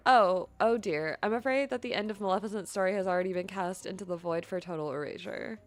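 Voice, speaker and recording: A woman's voice: medium pitch, fast talker, pitched below the performer's own voice, natural voice. A woman voicing Maleficent, a proud, vengeful female fairy villain, while reading game dialogue aloud, speaking in a grand, disdainful way. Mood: haughty.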